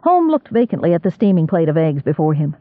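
A man narrating an audiobook in a measured, expressive reading voice. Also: a little high, dry recording. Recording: dry, tinny phone-like audio.

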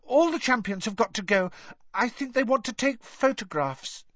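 A man voicing an eager, nervous young schoolboy with a high squeaky voice. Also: expressive, fairly bright tone, dry recording, muffled recording, exaggerated voice. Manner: high squeaky fast pleading.

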